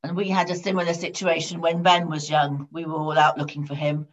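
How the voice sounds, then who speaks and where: Low-voiced woman preaching. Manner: storytelling with steady, measured repetition. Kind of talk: sermon. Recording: dull lo-fi sound.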